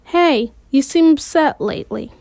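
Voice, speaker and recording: A woman voicing an impatient, gruff middle-aged father in a read-aloud storybook. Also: sits high, animated, a little slow, a little mellow, slight background noise, heavily acted. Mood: awkwardly concerned. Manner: snapping, impatient.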